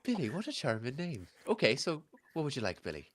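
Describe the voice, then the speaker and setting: A man voicing a brisk, chatty female waitress who explains everything politely and at length. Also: mid-range voice, huge pitch swings, noisy background, voice pushed up.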